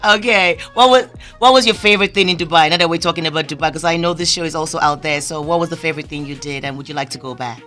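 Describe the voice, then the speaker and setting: A woman hosting an interview show, speaking in a warm, encouraging, preacher-like way. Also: deep voice, fairly even intonation, fast, faint music behind. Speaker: host. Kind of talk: casual interview chat.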